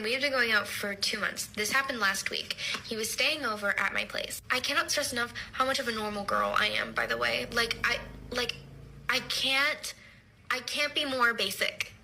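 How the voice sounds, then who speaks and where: A young woman telling a rambling, deadpan comic story from her own life. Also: on the high side, a little hiss or hum, poor audio. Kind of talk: storytime vlog.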